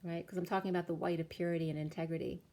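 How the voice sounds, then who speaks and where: A woman giving a casual spiritual card reading, chatty and quick to laugh, with emotional asides. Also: on the low side, level tone, vocal fry, warm tone.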